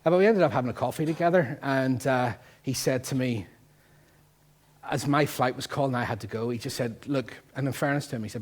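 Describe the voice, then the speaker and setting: A man with a Northern Irish accent preaching a sermon as pastor, lively and jokey, full of rhetorical questions. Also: medium pitch, brisk. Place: church.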